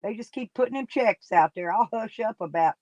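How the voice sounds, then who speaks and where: A woman's voice: fairly high pitch, lively intonation, a little fast, darkish tone, no room sound, lo-fi sound. Sniffly woman chatting to her stream. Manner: folksy, rambling, talks straight to chat by name. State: sniffly, coughing and sneezing. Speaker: live streamer chatting with viewers. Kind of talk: casual live-stream chat.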